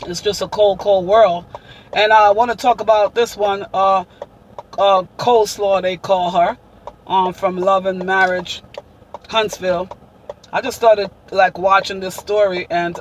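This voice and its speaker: A woman's voice: medium pitch, a little hiss or hum, poor audio. A woman hosting a casual vlog, talking emphatically and preaching, repeating her points. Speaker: vlogger.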